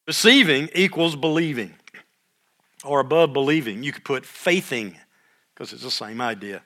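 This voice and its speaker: An older man teaching a Bible study like a sermon, reading scripture aloud more loudly and dropping into quiet asides, often clearing his throat. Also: medium pitch, animated, unhurried, long pauses.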